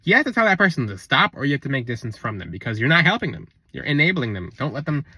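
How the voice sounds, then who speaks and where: A man's voice: medium pitch, sing-song, quick pace, pushed and bright, breathy edge, no room sound. A man talking in a casual spiritual vlog, blunt and rambling, on a close mic. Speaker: spiritual content creator.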